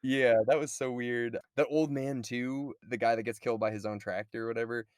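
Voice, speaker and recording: A man co-hosting a podcast in casual chat, relaxed, swearing freely and saying "dude" and "like" a lot. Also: mid-range voice, fairly quick, clear, resonant tone, no room sound, studio quality. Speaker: podcast co-host.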